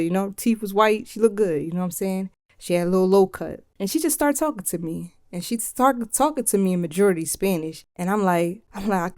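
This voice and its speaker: A young woman spins a casual travel tale for her solo podcast, slipping into slang and acting out the dialogue. Her voice sits a touch low, and the recording is dry and close, with no room sound. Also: no echo. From Philadelphia. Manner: slangy, animated retelling with quoted dialogue. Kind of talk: casual storytelling.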